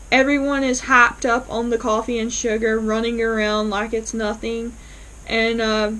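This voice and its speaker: A woman's voice: on the high side, fairly bright tone, poor audio. A woman recapping a TV episode in a casual, chatty way, full of fillers and quoted lines. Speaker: fan reviewer.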